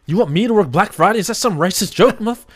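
A man's voice: high-pitched, animated, quick pace, voice pushed up. A man putting on the voice of an indignant male coworker from a comedy film, complaining in outrage. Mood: outraged.

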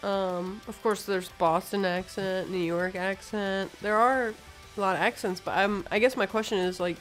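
A woman's voice: mid-range voice, steady tone, moderate pace, faint music behind. Chatty woman co-hosting a podcast. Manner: chatty, teasing, hesitant with fillers. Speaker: podcast co-host. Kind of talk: casual chat.

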